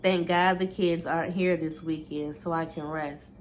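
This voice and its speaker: Female booktuber with a low voice, reading a memoir aloud in a steady, unhurried way. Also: a little hiss or hum.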